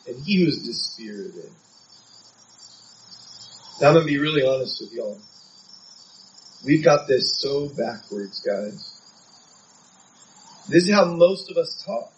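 Male preacher from San Diego, earnest conversational sermon, a bit high-pitched, mic set back, faint crickets behind. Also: distant mic, rough recording.

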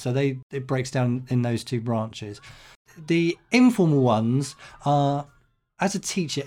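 Middle-aged headteacher guy, thoughtful, lots of ums, mid-pitched voice. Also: a little mellow. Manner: thoughtful, measured, with frequent ums and restarts. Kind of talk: podcast interview answers.

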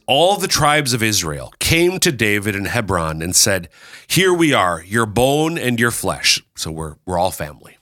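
A man hosting a casual chat, explaining Bible readings with lively, playful asides. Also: lowish voice, no echo, studio quality. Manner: lively, animated, breaks into playful character voices. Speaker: podcast host explaining scripture.

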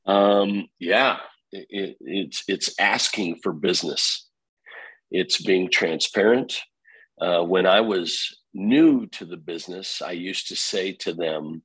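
A middle-aged man, a real estate company founder, being interviewed, telling energetic stories and acting out what people said. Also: low-pitched, slow pace, slightly rough, dry recording, low-quality recording. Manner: energetic storyteller, quotes himself and others. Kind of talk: conversational interview.

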